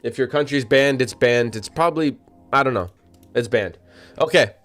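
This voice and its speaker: A man's voice: medium pitch, normal speed, fairly bright tone, faint music behind. A man hosting a live trading stream, talking casually and directly to his chat with slangy, repetitive phrasing, hiccuping now and then. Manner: chatty, slangy, addresses chat directly, repeats himself. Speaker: livestream trading host. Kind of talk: casual livestream commentary.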